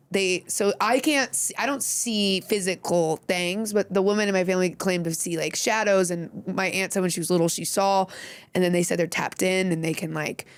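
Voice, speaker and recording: A woman's voice: medium pitch, no room sound. A woman comedian, a guest on a podcast, telling rambling stories with frequent giggles. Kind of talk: casual chat, storytelling.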